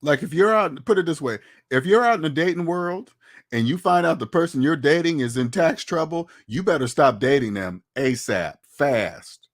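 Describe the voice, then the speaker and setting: Blunt, lecturing man, slightly high voice. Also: lively intonation, normal speed. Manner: blunt, lecturing, rhetorical questions. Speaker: finance commentator. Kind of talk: casual opinionated talk to camera.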